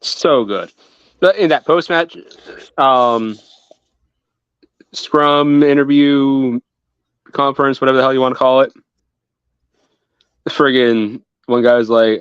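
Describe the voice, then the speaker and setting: An excitable man with a smooth, resonant voice trades opinions on a wrestling podcast, cursing freely as he talks. The audio is dry and dull, with a lo-fi podcast feel. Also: medium pitch, slow pace, long pauses, no room sound. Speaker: podcast co-host. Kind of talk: casual wrestling chat.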